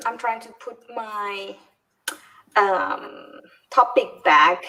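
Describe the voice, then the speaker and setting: A woman's voice: medium pitch, big pitch swings, drawn-out words, fairly bright tone, slight background noise, rough recording. A woman hosting a casual chat, giggly and hesitant, stammering and laughing often; her first language is Khmer. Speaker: show host. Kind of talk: casual live-stream chat.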